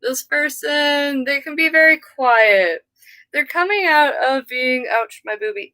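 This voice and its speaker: A woman's voice: high-pitched, a little slow, sharp tone, no echo, low-quality recording. A woman giving a casual live tarot reading, rambling and easily sidetracked. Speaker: tarot reader.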